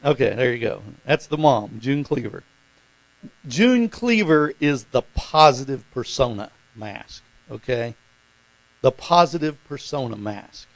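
A man's voice: medium pitch, lively intonation, measured pace, no echo, rough recording. A man preaching a conversational sermon as pastor, talking informally and putting questions to his congregation.

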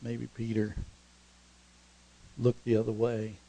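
A middle-aged man preaching a storytelling sermon, conversational and animated, and acting out scenes along the way. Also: medium pitch, slow pace, gravelly, low-quality recording.

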